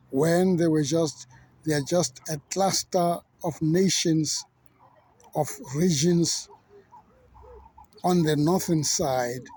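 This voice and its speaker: Slow gravelly-voiced pastor, deliberate. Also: male voice, on the high side, darkish tone. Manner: deliberate, measured and outspoken. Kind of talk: reflective monologue.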